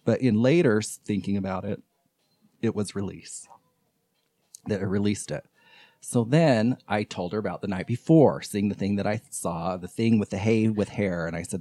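A man's voice: lowish voice, moderate pace, no room sound. A man on a podcast telling a long personal story about a strange night, acting out the voices of the people in it. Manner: animated, acts out quoted voices. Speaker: podcast guest. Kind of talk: casual storytelling.

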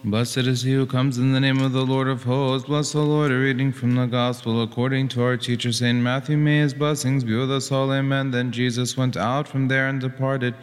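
A man reading the Gospel aloud during a church service in a measured, reverent way. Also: medium pitch, little pitch movement, in a large hall. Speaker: gospel reader. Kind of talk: scripture reading.

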